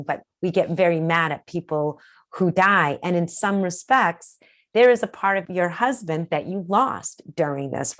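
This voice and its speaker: A woman hosting a podcast, speaking reflectively and empathetically while asking probing questions. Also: fairly low pitch. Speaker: podcast host. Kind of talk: conversational interview.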